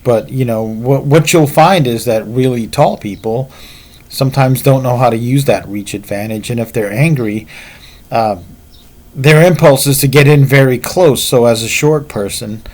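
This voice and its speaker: A man's voice: medium pitch, darkish tone. A man telling a martial arts story in a casual, rambling way, with frequent fillers.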